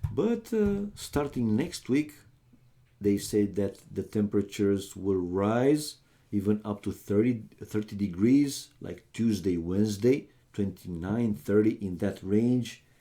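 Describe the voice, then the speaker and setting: This young Romanian streamer speaks slowly and easily in a fairly low, dark, mellow voice with lively intonation. Casting a strategy game, he alternates between chatting directly with viewers, whom he calls "man", and commenting on the match.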